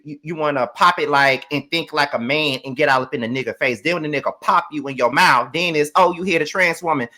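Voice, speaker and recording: Male vlog host, sassy and profane, a bright, forceful voice pitched a bit high. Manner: animated, profane, sassy ranting. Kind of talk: casual reality show recap commentary.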